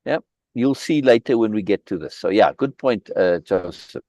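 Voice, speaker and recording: A man's voice: fairly low pitch, lively intonation, normal speed, dark tone, dry recording. A man leading a live online book reading group, commenting in an emphatic way, often repeating words and restarting his phrases. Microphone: video call.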